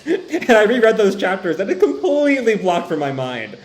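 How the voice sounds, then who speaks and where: Animated man in an echoey room. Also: high voice, fast talker, few pauses. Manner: animated, laughs often, tangents. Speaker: manga reaction host. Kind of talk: casual reading and commentary.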